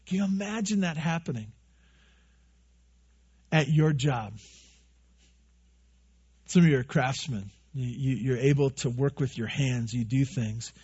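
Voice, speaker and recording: Husky-voiced pastor, joking and conversational. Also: male voice, medium pitch, darkish tone. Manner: conversational, joking, asks many rhetorical questions. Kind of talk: sermon. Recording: dull lo-fi recording.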